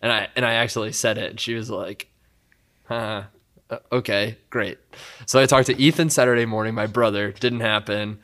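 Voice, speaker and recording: Laughing, animated young man telling a story. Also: lowish voice, normal speed. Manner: animated, laughs a lot while telling stories. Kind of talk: casual chat, storytelling.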